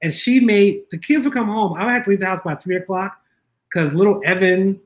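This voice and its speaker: A man being interviewed as a guest, telling stories in a casual, animated way, laughing often and acting out the people he quotes. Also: high voice, a little fast. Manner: animated, acts out quoted voices; laughs often, many restarts. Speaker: guest filmmaker.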